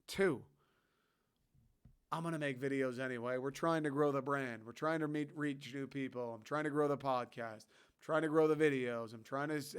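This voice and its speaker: A young man, hosting a podcast and ranting casually in a sarcastic, animated way, swearing often. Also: mid-range voice, clear, resonant tone. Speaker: podcast host. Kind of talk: casual solo rant.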